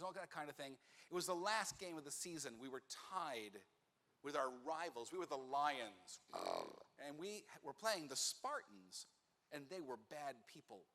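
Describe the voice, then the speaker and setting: A man, a rabbi, telling a personal story in a sermon, animated and acting out the voices of the people in it. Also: on the high side. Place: synagogue sanctuary. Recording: reverberant hall.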